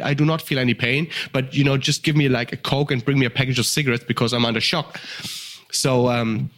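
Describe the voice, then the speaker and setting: A German man tells a story in relaxed, everyday talk, at an ordinary middle pitch for a man. He speaks English with a German accent, leans on lots of fillers, and swears as he goes. When he quotes people, he jumps into sudden high voices. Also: fast talker. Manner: swears freely, many fillers. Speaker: guest. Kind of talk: casual storytelling.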